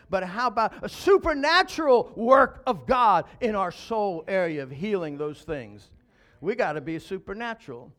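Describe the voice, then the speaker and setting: High-voiced emphatic male preacher. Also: fairly bright tone. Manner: emphatic preaching with rhetorical questions and chuckles. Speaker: pastor. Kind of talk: sermon.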